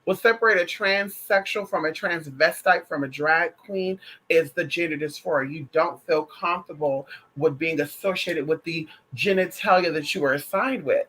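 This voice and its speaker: A woman's voice: low voice, normal speed, few pauses, a bit bright, breathy edge, low-quality recording. A trans woman delivering a casual opinion monologue to her viewers, sassy and emphatic, with heavy profanity and pet names like honey and girl. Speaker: vlogger.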